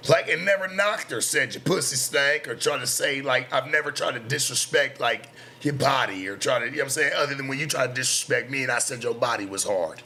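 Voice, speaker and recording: Gravelly bright-voiced man in his thirties ranting. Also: medium pitch, brisk, hardly any pauses, slight background noise. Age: 30s. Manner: boastful, defensive, heavy slang. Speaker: show host. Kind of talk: profane casual rant.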